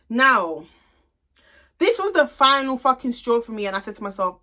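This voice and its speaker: A woman's voice: fairly high pitch, sing-song, normal speed, pushed and bright. A young adult woman, a salon owner, telling a storytime to her viewers in a blunt, gossipy way, swearing freely and talking straight to the audience. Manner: addresses viewers directly. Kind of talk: casual storytime vlog.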